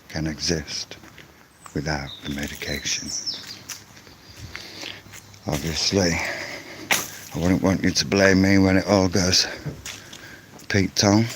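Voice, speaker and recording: A man's voice: deep voice, background noise. A man giving an angry, insistent vlog rant, often repeating words as he goes. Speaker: vlogger. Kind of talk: ranting vlog monologue.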